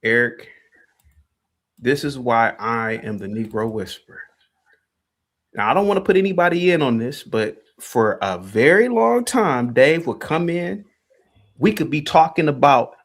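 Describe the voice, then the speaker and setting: A man's voice: on the high side, big pitch swings, moderate pace, a bit bright. A man hosting a call-in livestream, taunting and confrontational, repeating his points. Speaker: livestream host. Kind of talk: heated call-in stream rant.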